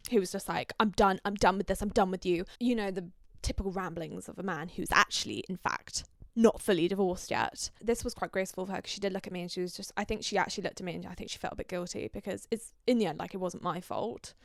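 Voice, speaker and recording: Young woman, animated storyteller, gossipy, swears, dry close sound. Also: lowish voice, fast, gravelly, no room sound. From Scandinavia. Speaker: podcast host. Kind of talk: casual storytelling chat.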